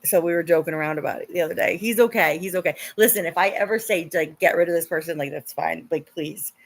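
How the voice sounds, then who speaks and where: Chatty woman livestreaming, lowish voice. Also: fast talker, gravelly. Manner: chatty, laughs often, swears when upset. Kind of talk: casual livestream chat.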